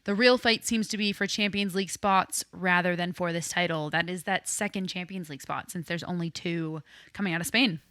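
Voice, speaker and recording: Co-host: woman, young, opinionated, bright tense voice, dry sound. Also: on the low side, fairly even intonation, a little fast, hardly any pauses, no echo. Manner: opinionated, laughing easily. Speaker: podcast co-host. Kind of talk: casual sports chat.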